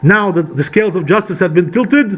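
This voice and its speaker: A man's voice: sits high, expressive, brisk, fairly bright tone. A man teaching as a rabbi, telling a scriptural story in a casual, rambling way, full of asides and "you know". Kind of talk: casual storytelling Torah lesson.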